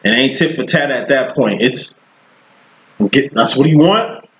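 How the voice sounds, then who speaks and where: Expressive and measured, a man in his thirties speaks in a medium, fairly bright voice while giving a casual tarot reading as a psychic. His talk is blunt and full of profane street slang, captured in roomy, dull, lo-fi sound.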